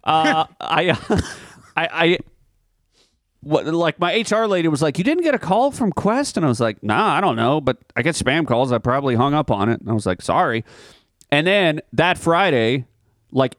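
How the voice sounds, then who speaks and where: A man's voice: a little high, a bit bright, dry recording, studio quality. A man co-hosting a podcast in casual chat, telling rambling, profane stories and laughing often. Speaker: podcast co-host.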